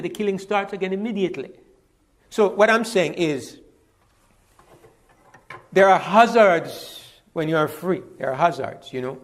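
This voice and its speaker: Middle-aged guy talking it through, kinda high voice, stacks up his points, repeats himself. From Jamaica. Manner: emphatic, repeats words when building a point, rhetorical questions. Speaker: interviewee. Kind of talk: conversational monologue.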